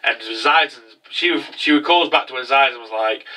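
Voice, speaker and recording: A man's voice: lowish voice, steady tone, brisk, few pauses, sharp tone, far from the mic, poor audio. A man casually recapping an anime episode, rambling with many restarts. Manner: rambling, frequent restarts and fillers.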